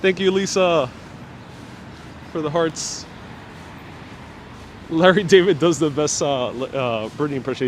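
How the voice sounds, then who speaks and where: A man hosting a casual walking live stream outdoors on city streets, joking deadpan and reading out viewer comments on a clip-on mic. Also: fairly high pitch, measured pace, pauses often, a little hiss or hum. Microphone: wireless clip-on mic while walking.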